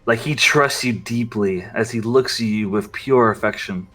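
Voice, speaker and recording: A man's voice: lowish voice, normal speed, a bit bright, soft background music. A man narrating as game master of a tabletop game, rambling with many fillers.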